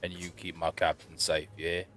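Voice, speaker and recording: A man playing a steady male survivor who speaks calmly and reassuringly in a tabletop role-play. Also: low-pitched, normal speed. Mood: gruff. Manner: calm, reassuring.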